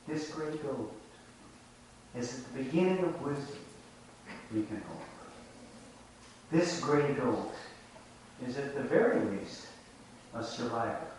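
In an echoey room, caught by a distant mic with slight background noise, a man delivers a reflective sermon built around a folk tale and the lessons it teaches. His mid-range voice has a darkish tone and lively intonation, and his storytelling stays measured.

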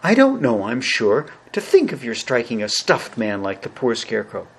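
A man reading aloud, voicing a brave, indignant little girl in a high, earnest voice, from a storybook. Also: wildly swooping pitch, moderate pace, slightly rough, exaggerated voice.

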